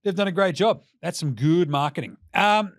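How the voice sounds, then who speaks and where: An Australian man riffs through basketball talk in a loose, joking way, swearing freely and slipping into mock voices. His voice sits a little high for a man. The sound is dry and close, with no room echo. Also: normal speed. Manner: profane, jokey, animated, mocks teams in put-on voices. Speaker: basketball podcast host. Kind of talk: casual solo commentary.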